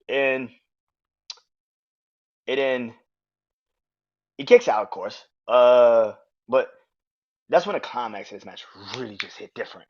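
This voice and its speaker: A man hosting a podcast, casually reviewing a wrestling match in a profane, animated way. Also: mid-range voice, measured pace, long pauses, faint music behind. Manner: animated, profane, acts out quotes in raised voices. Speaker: podcast host. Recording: dull lo-fi audio.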